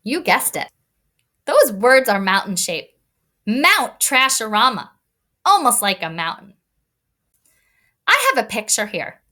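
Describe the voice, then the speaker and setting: A woman teacher giving an online read-aloud lesson to young children, talking in an expressive, kid-directed way. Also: mid-range voice, unhurried, long pauses. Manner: animated, expressive teacher voice addressing kids. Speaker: elementary school teacher.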